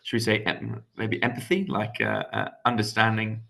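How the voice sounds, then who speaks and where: A young man from England speaks as a guest on a video call, relaxed and full of ums and little restarts. His voice sits low with a gravelly, creaky texture. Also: normal speed. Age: young adult. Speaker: guest economist. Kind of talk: casual video-call interview.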